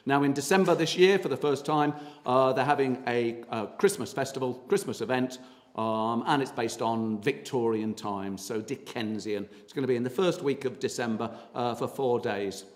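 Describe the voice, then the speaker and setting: A man's voice: mid-range voice, moderate pace. Chatty man giving a talk in an echoing hall. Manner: chatty, anecdotal, hesitant with fillers. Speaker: tour guide and local historian. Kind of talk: public talk. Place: meeting hall. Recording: reverberant hall from far off.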